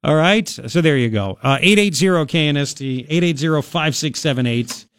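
A man's voice: a little high, lively intonation, normal speed, a bit bright, clean tone, dry recording. A man hosting a talk radio show, ranting bluntly and with exasperation in studio commentary.

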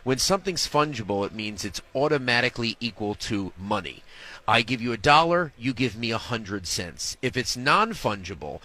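A man's voice: medium pitch, sing-song, bright, forceful tone. A man being interviewed as a guest at a live event, telling stories with jokes and acting out what other people said. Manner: quick, jokey, acts out his wife in the story. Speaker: sports business reporter, guest. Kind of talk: animated interview storytelling. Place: radio row booth at a live event.

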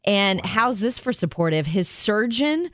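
A woman's voice: mid-range voice, big pitch swings, unhurried, a bit bright, no room sound. A middle-aged woman co-hosts a talk show with an upbeat manner, chatting and reading short news teasers. The sound is close and dry. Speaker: radio show co-host. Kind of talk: casual chat.

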